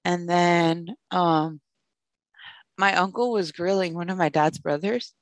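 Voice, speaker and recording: A young woman podcast host telling a personal story in a casual, animated way, with lots of "like". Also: on the low side, slow pace, no room sound. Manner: animated, fills speech with "like", acts out quoted voices.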